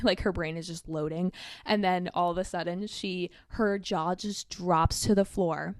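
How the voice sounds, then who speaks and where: A woman's voice: fairly low pitch, clear, resonant tone, no echo, studio quality. A young woman in her twenties hosting a podcast, telling a story in a chatty, casual way with lots of filler words. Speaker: podcast host.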